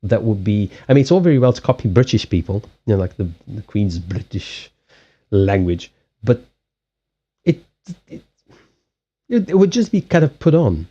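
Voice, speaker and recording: Animated man with a Southern African accent. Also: fairly low pitch, normal speed, long pauses, lo-fi sound. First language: Portuguese. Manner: animated, swears freely, laughs often. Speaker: card reader and livestream host. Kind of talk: casual livestream chat. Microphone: USB headset mic.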